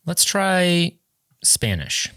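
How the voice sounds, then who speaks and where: A man's voice: high-pitched, huge pitch swings, extremely slow, sharp tone, clear, resonant tone. Chatty male podcast host. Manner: friendly, chatty, laughs often. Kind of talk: casual interview conversation.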